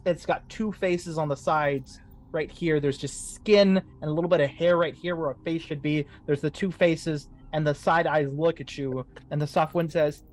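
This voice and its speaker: A man running a tabletop horror game as game master, narrating scenes slowly for suspense. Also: fairly high pitch.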